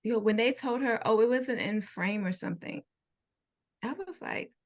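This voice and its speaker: A woman's voice: on the high side, moderate pace. A young adult woman co-hosting a podcast in casual chat, teasing and laughing often. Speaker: podcast co-host.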